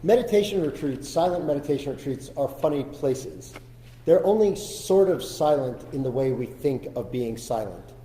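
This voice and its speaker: Man giving a sermon, mellow dark voice, kinda high pitched, echoey sanctuary w long reverb. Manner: reflective storytelling, slow deliberate emphasis. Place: synagogue sanctuary.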